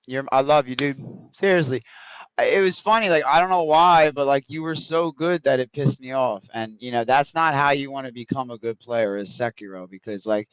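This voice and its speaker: A man's voice: mid-range voice, moderate pace, clear, resonant tone, no echo, dull audio. A man streaming a video game, chatting casually with his viewers in a rambling, profane way. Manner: rambling, profane, talks straight to chat. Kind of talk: casual livestream chat with viewers.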